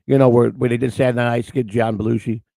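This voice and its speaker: Gravelly older man rambling fast. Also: mid-range voice, flat delivery, mellow, no room sound. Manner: rambling storyteller with many restarts. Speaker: morning show host. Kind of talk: casual rambling chat.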